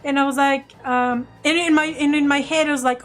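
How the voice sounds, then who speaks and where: A woman vlogger casually telling an animated story and laughing often. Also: sits high, a little fast, faint music behind.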